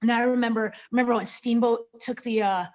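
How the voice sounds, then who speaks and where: A woman, a pro wrestler, telling lively stories in a casual podcast interview and acting out the quotes. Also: a little high, brisk, dull audio. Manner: lively storyteller, acts out quotes.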